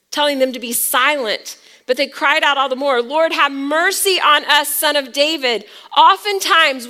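A woman pastor with a high-pitched voice delivers a dramatic sermon. She moves between loud emphasis and near whispers, posing rhetorical questions to the congregation.

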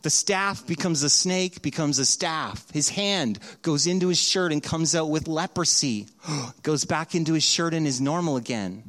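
A middle-aged male pastor preaching a sermon with a slightly high voice. He tells his stories with energy and acts out the voices of the people in them. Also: moderate pace. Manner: animated storytelling, acts out voices in quotes.

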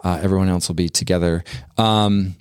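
A man's voice: low voice, fairly even intonation, a little fast, darkish tone, clear, resonant tone, no echo, studio quality. A middle-aged man hosting a church podcast, chatting casually with children in an easygoing way, chuckling often, with many fillers and restarts. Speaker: pastor and podcast host.

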